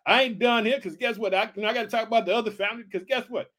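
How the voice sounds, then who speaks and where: A man from Illinois preaching an energetic podcast sermon, fervent and repetitive, calling out to his listeners again and again. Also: high-pitched, racing. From Illinois, United States. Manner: fervent, repetitive calls of "guess what" and "hallelujah".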